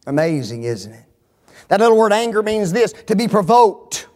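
A man preaching a sermon, dropping to near whispers and rising to shouts, asking the congregation rhetorical questions. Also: sits high, big pitch swings, moderate pace. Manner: emphatic, swings from hushed to shouting, rhetorical questions.

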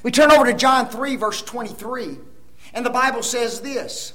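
A man preaching a sermon, emphatic, with rhetorical questions, swinging between loud stresses and soft asides. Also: very high-pitched, moderate pace, poor audio.

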